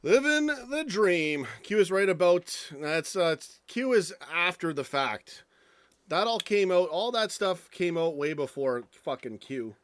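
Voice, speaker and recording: A man's voice: on the high side, expressive, a little slow, no echo. A man hosting a live stream, ranting angrily with lots of swearing and rambling stories. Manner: angry, profane, rambling rant.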